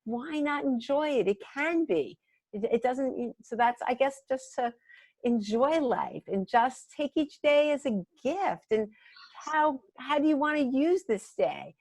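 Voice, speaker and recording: A woman guest speaks in a fairly high voice, captured in a dry, close recording. She sounds gushing and a bit halting, often restarting her sentences mid-thought. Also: expressive, darkish tone, dry recording. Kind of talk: casual chat.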